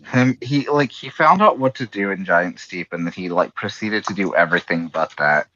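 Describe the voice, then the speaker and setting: A man's voice: deep voice, animated, moderate pace, sharp tone, no echo, dull audio. A man chatting casually on a stream voice call, rambling and teasing his friends. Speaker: co-host on a stream. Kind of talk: casual group chat over voice call.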